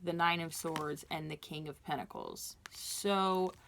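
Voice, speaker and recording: A woman's voice: low-pitched, steady tone, unhurried, creaky, a bit bright, a little hiss or hum. A woman giving a casual tarot reading, talking in an earnest, reassuring way with many fillers and restarts. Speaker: tarot reader.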